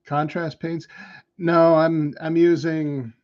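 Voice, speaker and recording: A man's voice: on the high side, flat delivery, slow, darkish tone, muffled recording. An American man chatting casually and self-deprecatingly while painting miniatures on a livestream.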